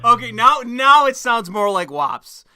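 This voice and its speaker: A man's voice: extremely high pitch, sing-song, measured pace, bright, forceful tone, smooth, no room sound. A young man hosting a casual stream, reacting to a clip with laughing, profane disbelief.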